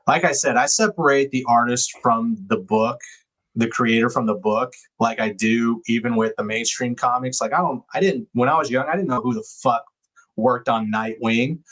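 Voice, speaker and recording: A man's voice: mid-range voice, moderate pace, fairly bright tone. A man co-hosting a casual podcast chat, speaking bluntly and agreeing often. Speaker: podcast co-host.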